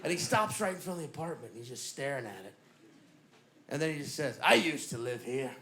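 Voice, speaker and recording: A male stand-up comedian telling an animated, punchy story on a comedy club stage. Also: a little high, fast.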